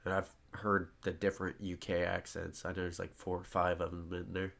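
A man from the United States hosting a podcast, telling stories in an animated way and swearing freely. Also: low-pitched, a little fast, vocal fry. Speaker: podcast host. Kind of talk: casual podcast chat.

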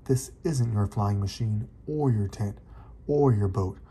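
Guy doing a calm kindly elephant from a kids book, deep mellow voice, patient. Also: a little slow, breathy edge. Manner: patient, polite, gently firm.

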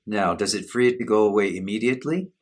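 A man giving a slow, measured, contemplative spiritual talk as a teacher leading a satsang on self-inquiry. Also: fairly low pitch, a little hiss or hum.

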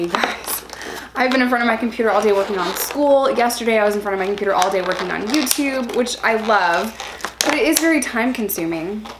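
A woman's voice: mid-range voice, reverberant, background noise. A young woman chatting casually and self-mockingly at a table at home while eating for her vlog. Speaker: vlogger.

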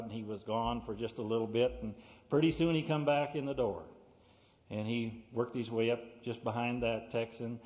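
A man's voice: medium pitch, darkish tone. A man telling a long folksy joke as emcee of a meeting, drawling along with many fillers. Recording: dull cassette tape in a reverberant hall.

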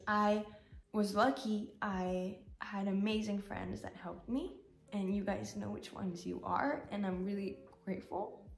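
A woman's voice: mid-range voice, steady tone, moderate pace. A woman vlogger giving a candid, rambling personal update, often saying "like", at times tearful. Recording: roomy echo, faint music.

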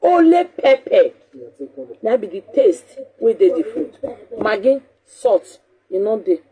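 A woman with a Nigerian accent hosting a talk show, talking casually in an animated, scolding way and repeating her points for emphasis. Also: medium pitch, unhurried, breathy edge, highs cut off.

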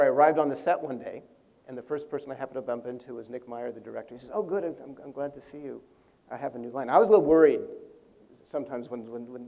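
An older man speaks as a guest on a convention panel with a gravelly edge to his mid-pitched voice. He tells animated stories, acts out what others said and laughs often. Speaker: interview guest, language creator. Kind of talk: storytelling anecdote on stage.

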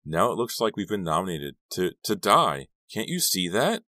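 Guy doing a snappy dramatic teen girl, sarcastic, pitched up from a deep voice. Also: very animated, normal speed, pushed and bright, no room sound, studio quality, full character voice. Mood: insistent. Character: teenage girl, dramatic, blunt, competitive.

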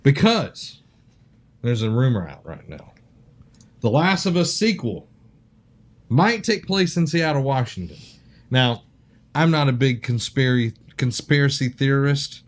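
A man co-hosts a casual podcast. He jokes, teases his co-host and reads sponsor copy loosely. His voice sits mid-pitch, relaxed and everyday. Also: measured pace, long pauses.

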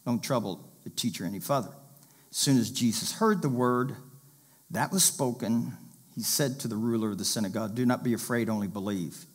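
A man's voice: medium pitch, a little fast. Man preaching a sermon, emphatic. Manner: emphatic, urging listeners to pay attention. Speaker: pastor. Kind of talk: sermon with scripture reading.

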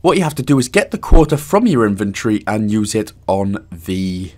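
A man's voice: on the low side, very animated, normal speed, a little mellow. A Welsh man narrating a casual game walkthrough voice-over, giving steps with jokey, self-mocking asides. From Wales.

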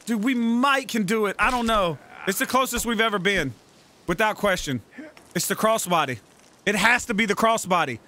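High, lively-voiced man yelling at a game. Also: a little slow, gravelly. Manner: excitable, profane, yells at his game character. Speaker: let's play gamer. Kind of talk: gameplay commentary.

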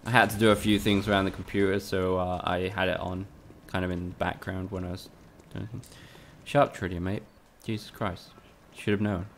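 A man's voice: sits low, little pitch movement, normal speed, hardly any pauses, a bit bright, slight background noise. A young man from Spain, chatting casually with his viewers and swearing freely while he streams a game. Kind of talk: casual live-stream commentary.

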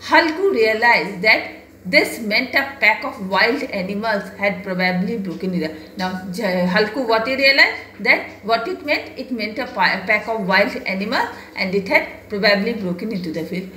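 A woman's voice: medium pitch, animated, moderate pace, bright, forceful tone, slight background noise. A woman teacher reads a story aloud and explains each line to her class, asking and answering her own questions with hesitant restarts. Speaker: English teacher. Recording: echoey room.

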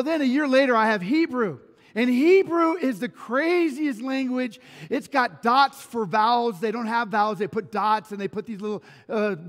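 A man's voice: very high-pitched, a bit bright, big-room sound. A man pastor delivering a sermon, telling personal stories animatedly with self-deprecating humor and frequent restarts. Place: church sanctuary.

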